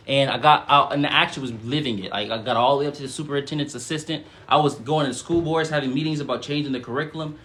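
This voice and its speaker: A man hosting a spiritual live stream, teaching casually and reading chat comments, animated, with sudden loud emphatic bursts and many fillers. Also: mid-range voice.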